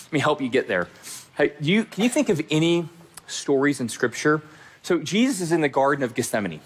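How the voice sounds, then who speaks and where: Husky, emphatic man preaching. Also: a little high, big pitch swings, a little fast. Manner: emphatic, direct address, repeating key phrases. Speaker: pastor. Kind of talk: sermon.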